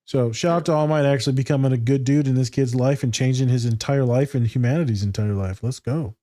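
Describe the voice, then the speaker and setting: A man with a warm, mellow voice chats casually on a podcast, getting excitable and swearing freely. His voice is mid-pitched and sounds dry and close, with no room around it. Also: fast talker, dry recording. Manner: excitable, profane, laughs often. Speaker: podcast co-host.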